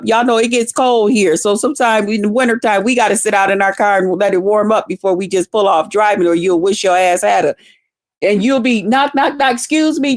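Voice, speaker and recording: A woman's voice: medium pitch, dry recording, clean studio sound. A middle-aged woman giving blunt, profane livestream commentary, laughing often and greeting chat viewers by name.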